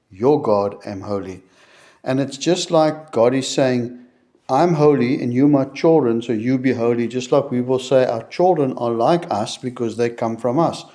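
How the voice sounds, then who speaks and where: A man reading a Bible chapter aloud verse by verse, slowing on key words and stopping to explain it in plain terms. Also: medium pitch, warm tone. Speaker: Bible teacher. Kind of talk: reading scripture aloud with commentary.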